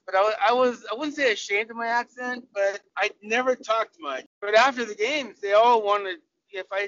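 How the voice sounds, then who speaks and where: The recording is dull and lo-fi. On it, an older man with an American accent, from Southern California, appears as a cricketer guest and tells stories in a casual interview. He chats, laughs, and keeps restarting his sentences, his high voice fairly bright in tone.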